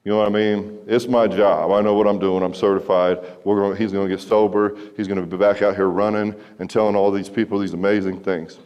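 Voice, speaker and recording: A man's voice: lowish voice, little pitch movement, fairly quick, hardly any pauses, darkish tone, smooth, highs cut off. Man telling a story in a large hall. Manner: conversational, wry, asks the audience questions. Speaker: recovery speaker. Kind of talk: storytelling talk to a school audience. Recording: hall reverb.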